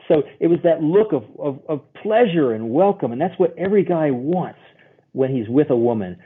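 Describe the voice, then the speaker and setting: A man, a guest therapist, explaining in an animated storytelling way and acting out the voices he quotes. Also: on the high side, a little fast, husky. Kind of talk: expressive explaining. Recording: tinny phone-like line.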